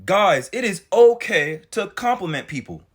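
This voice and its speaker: A man giving reaction commentary to viewers, animated and full of rhetorical questions. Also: high voice, moderate pace, husky. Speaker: commentary creator reacting to clips.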